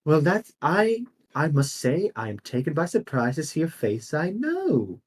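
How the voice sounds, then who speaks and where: A man voicing a gracious, teasing high priestess, high and sing-song. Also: huge pitch swings, measured pace, full character voice.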